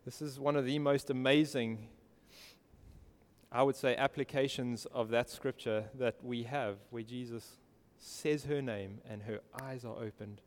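A man's voice: mid-range voice, fairly even intonation, a little slow, long reverb tail. A man preaching a sermon earnestly, asking his listeners direct questions. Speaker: pastor.

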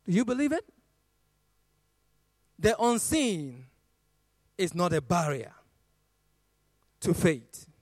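A man's voice: sits high, big pitch swings, takes it slowly, pauses often, a little mellow, no room sound. A man preaching a sermon who quotes scripture in a rising, sung cadence and swells his voice on key lines.

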